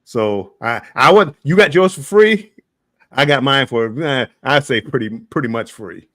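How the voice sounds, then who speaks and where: A man's voice: mid-range voice, lively intonation, fairly bright tone, no echo. American guy rambling about trips, trips over his words a lot, dry close sound. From United States. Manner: halting, repeats words, chuckling storyteller. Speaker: guest. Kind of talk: casual livestream chat.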